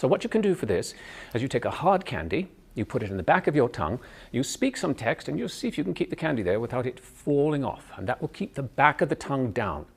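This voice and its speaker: Gravelly Canadian man teaching voice. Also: mid-range voice, big pitch swings, fast. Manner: clear, patient explaining with demonstrations. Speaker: drama professor, voice and speech teacher. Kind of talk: instructional video lesson.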